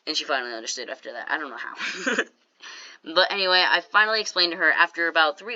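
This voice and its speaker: A YouTuber telling a casual story over gameplay, animated and jokey, with quick asides to the viewers. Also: mid-range voice, highs cut off.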